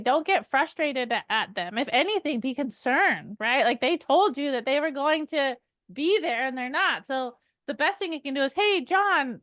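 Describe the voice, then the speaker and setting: A chatty, giggly woman from Canada co-hosts a casual podcast, telling stories with easy laughter. Her voice sits high. The sound is dry and close, with no room around it. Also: fairly bright tone, dry recording. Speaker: podcast co-host.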